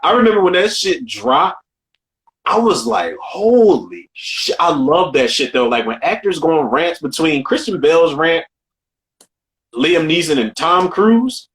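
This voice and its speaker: A man co-hosting a casual film podcast, talking in an animated, profane way and repeating himself as he riffs. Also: fairly high pitch, moderate pace. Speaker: podcast co-host.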